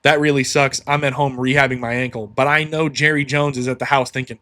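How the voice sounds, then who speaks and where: A man's voice: mid-range voice, level tone, brisk, hardly any pauses, bright, forceful tone. A man hosting a solo sports podcast, ranting heatedly and swearing freely.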